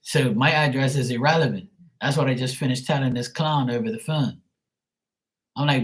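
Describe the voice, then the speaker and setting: A man's voice: mid-range voice, moderate pace, low-quality recording. A man from Bermuda ranting on a live stream, swearing often, exasperated and restarting his sentences. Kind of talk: casual live-stream rant.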